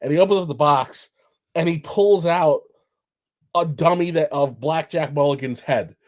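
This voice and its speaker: A man's voice: on the high side, normal speed, dry recording. A man on a wrestling podcast panel telling stories in casual chat, with a lot of fillers and restarts. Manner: rambling, many fillers and restarts; animated, acts out quotes in raised voice.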